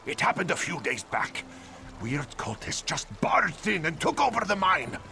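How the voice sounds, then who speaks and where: Game role: sarcastic cat-folk miner, gravelly and tense, lively pitch, refers to himself in third person. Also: male voice, normal speed, a little hiss or hum, full character voice. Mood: prickly. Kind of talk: video game voice acting.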